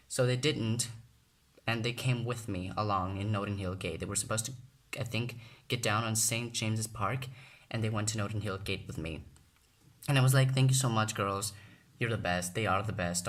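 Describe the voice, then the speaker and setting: Young guy, lowish voice, rambly storytime vlog, lots of "you know" and "okay". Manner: animated, rambling storytelling with many fillers and restarts. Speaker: vlogger.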